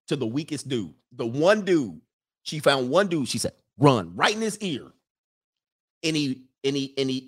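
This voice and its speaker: A man hosting a live stream, giving a casual commentary monologue in an animated, preachy way and repeating his lines for emphasis. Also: a little high. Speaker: live-stream host reading viewer comments.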